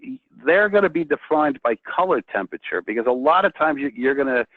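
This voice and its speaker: A man speaking as a guest painter in a casual chat, excitable and often restarting his sentences. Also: mid-range voice, a little fast, no room sound. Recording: tinny phone-like line, dry.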